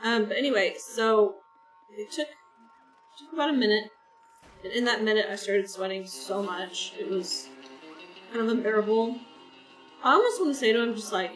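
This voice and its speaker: A woman's voice: mid-range voice, normal speed, pauses often. A woman streaming a game, chatting in a rambling, casual way and talking to her viewers. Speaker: gaming streamer. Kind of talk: casual chat while playing a game. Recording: roomy, distant mic with soft game music.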